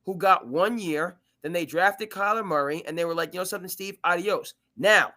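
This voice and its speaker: Hosting a live sports talk show, a man with a high-pitched voice argues his points at normal speed in animated debate-style chat, restarting and stammering frequently.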